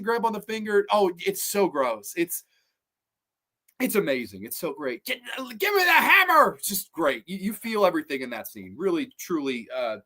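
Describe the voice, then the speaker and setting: A man hosting a horror movie countdown show in a casual, rambling style, excited and swearing freely. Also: on the high side.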